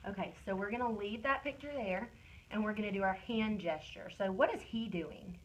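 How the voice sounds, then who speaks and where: A woman reading teacher giving a one-on-one phonics lesson, stretching out sounds slowly and praising often, recorded on a phone camera. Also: mid-range voice, rough recording. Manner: slow, drawn-out modeling of sounds and words; encouraging praise.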